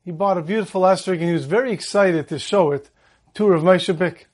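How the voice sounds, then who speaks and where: A man giving a holiday Torah talk, telling a story in a calm way and slowing down on the Hebrew verses. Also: high voice.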